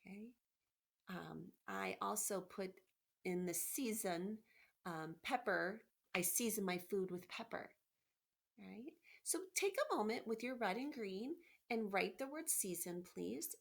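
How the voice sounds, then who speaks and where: A woman teacher giving a remote phonics lesson to children, patient and encouraging, slowly sounding out letters. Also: mid-range voice, gravelly. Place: home, by a window.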